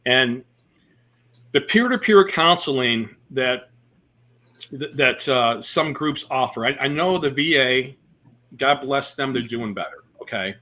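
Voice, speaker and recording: Guy chatting in an interview, bright voice, jokey storytelling with lots of ums. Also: mid-range voice, lively intonation, takes it slowly. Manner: storytelling with jokes and many fillers. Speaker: comedian guest. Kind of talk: casual interview chat.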